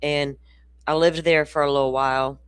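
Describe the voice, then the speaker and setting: A woman from Florida with a Southern accent, talking low and loose as she hosts a true crime stream. She chats with viewers, wanders into side stories and laughs easily. Her voice sits close and dry, with little room sound. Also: steady tone, normal speed, clear, resonant tone, no echo. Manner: chatty, laughing, storytelling asides. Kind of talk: casual livestream chat.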